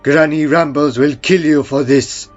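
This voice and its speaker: A man's voice: a little high, steady tone, unhurried, pitched above the performer's own voice. A man voicing a cruel male demon who taunts and threatens, in a muffled recording with faint music beneath. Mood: screaming.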